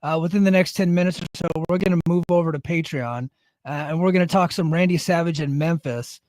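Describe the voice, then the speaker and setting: A man co-hosts a podcast, speaking in a higher register and giving blunt opinions with casual swearing. The recording is dry and close, with no room sound. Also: fairly quick, darkish tone, no room sound. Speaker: podcast co-host. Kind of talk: casual chat.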